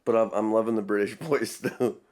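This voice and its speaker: A man's voice: lowish voice, fairly even intonation, brisk, a little mellow. A man hosting a casual reaction video, laughing often and rambling between remarks. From Texas.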